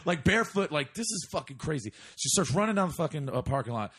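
A man's voice: fairly high pitch, very animated, fast, fairly bright tone, breathy edge. A man telling a long comedic story in casual chat, rambling with fillers, restarts and swearing. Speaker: storyteller guest.

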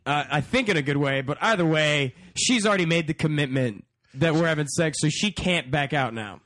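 A man's voice: fairly high pitch, brisk, a bit bright, no room sound, clean studio sound. Young man telling a crude story. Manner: rambling, swears a lot, laughs while telling.

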